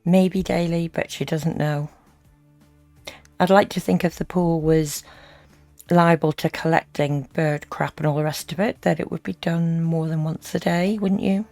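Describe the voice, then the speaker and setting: Low, gravelly-voiced woman commentator. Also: darkish tone, no echo. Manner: dry, wry asides. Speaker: reaction video commentator. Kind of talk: commentary over a played stream.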